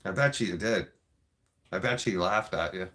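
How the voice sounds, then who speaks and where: A man's voice: deep voice, moderate pace, bright, forceful tone. A Canadian man delivering an angry, profane political rant in a vlog. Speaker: vlogger.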